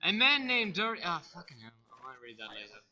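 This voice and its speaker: A young man with an Australian accent narrating a video game in loud, rowdy bursts, cursing as he goes. His voice sits high and comes across sharp and piercingly bright. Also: fairly quick. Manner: loud, excitable, swears a lot. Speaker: gaming YouTuber. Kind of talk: let's play commentary.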